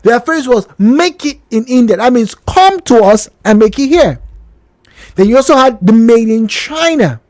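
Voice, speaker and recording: Lively Nigerian woman radio host. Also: on the high side, normal speed, dry recording. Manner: lively, rhetorical, questions listeners directly. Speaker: radio talk show host. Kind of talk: radio call-in show opening monologue. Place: radio studio. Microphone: studio microphone.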